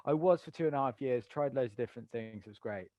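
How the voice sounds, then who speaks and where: A man's voice: mid-range voice, fast, lo-fi sound. A man in his thirties with a British accent, a stand-up comic chatting as a podcast guest and telling jokey anecdotes with acted-out voices. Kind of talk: casual podcast chat.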